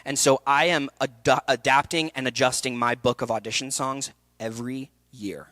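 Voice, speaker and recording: A man in his thirties giving a passionate, animated talk to actors at a festival session. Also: medium pitch, no echo. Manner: passionate, animated, quick bursts with laughs. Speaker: acting coach speaking at a festival session. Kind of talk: energetic workshop talk. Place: event hall before an audience.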